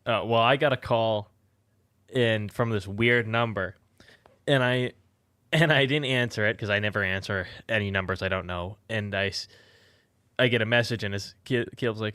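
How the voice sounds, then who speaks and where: A man's voice: on the low side, moderate pace, fairly bright tone, smooth, no echo. A man chatting casually with friends on a podcast, easygoing as he recounts a phone message. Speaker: podcast co-host. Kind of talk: casual chat.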